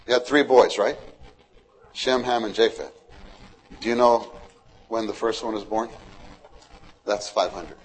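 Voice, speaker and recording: A man's voice: on the low side, measured pace, long pauses, low-quality recording. A man preaching a sermon, quizzing the congregation and retelling stories with animation. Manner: questions to the congregation, animated storytelling.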